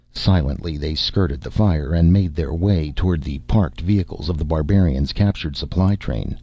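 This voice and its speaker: A man reading a story aloud in measured, expressive narration, in a dull lo-fi recording. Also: very deep voice, dry recording. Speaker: audiobook narrator. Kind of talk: scripted narration.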